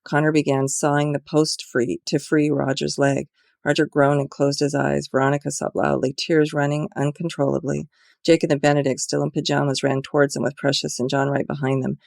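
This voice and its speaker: A woman's voice: low-pitched, flat delivery, brisk, vocal fry, darkish tone, no room sound, studio quality. A woman author reading her own mystery novel aloud in an earnest, amateur way.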